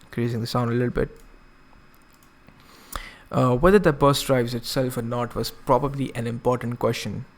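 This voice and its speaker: A man's voice: medium pitch, fairly even intonation, moderate pace, long pauses. A man streaming, reading a visual novel aloud and breaking off for casual asides. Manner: casual asides, self-correcting.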